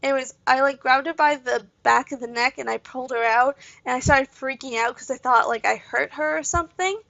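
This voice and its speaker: Brisk and high-pitched, with vocal fry and a fairly bright tone, a young woman from Canada rambles through a casual story while gaming on her channel, full of fillers and tangents. There's no echo, and the dull lo-fi home mic gives a muffled sound.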